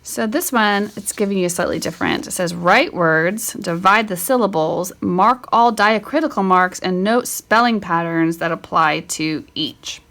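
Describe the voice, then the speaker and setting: Talking her way through an informal spelling lesson, a middle-aged homeschool teacher thinks out loud, catches and corrects herself, and tosses in friendly asides. Her pitch is fairly low and her tone fairly bright, and she speaks a little slowly with few pauses.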